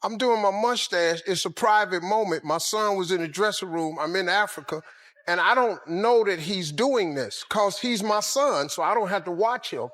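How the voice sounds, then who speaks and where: A man's voice: high-pitched, moderate pace, fairly bright tone. A man telling a comic story about his son on a talk show, in a mock-indignant tone.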